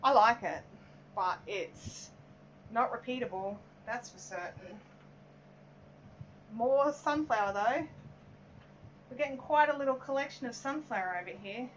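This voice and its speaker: An Australian yarn dyer with a fairly high, lively voice hosts a casual live stream, talking a little slowly with frequent pauses. She rambles chattily as she works, greets viewers, reads out their comments and sprinkles in many "um"s. The sound is a bit dull and muffled, with faint hiss.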